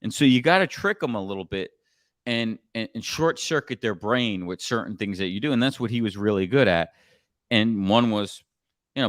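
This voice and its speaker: A middle-aged man coaching on sales in a casual podcast chat, blunt and animated, sometimes swearing. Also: lowish voice, a little fast, dry recording, studio quality. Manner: blunt, animated storytelling with profanity.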